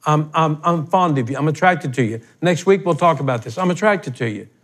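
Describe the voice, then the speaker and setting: A man's voice: on the high side, expressive, a little fast. An older man preaching a sermon as pastor, talking in a folksy, blunt way that swells into emphatic outbursts.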